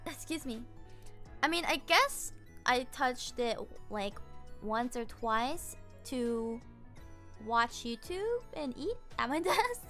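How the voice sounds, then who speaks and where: Woman streamer, high-pitched, bright tone, rambling casual chat, giggly, faint music behind. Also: lively intonation, slow pace. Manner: rambling and giggly, full of fillers. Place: home streaming setup.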